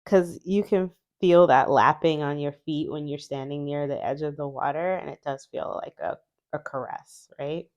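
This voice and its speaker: A woman's voice: low voice, moderate pace, darkish tone, highs cut off. A woman chatting casually as she reviews an oracle deck, reading card words aloud and musing about them. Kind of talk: casual unboxing chat.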